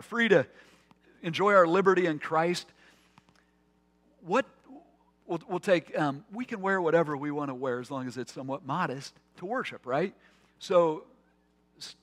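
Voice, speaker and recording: A man preaching a conversational sermon as pastor, with asides and restarts. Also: fairly high pitch. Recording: long hall reverb.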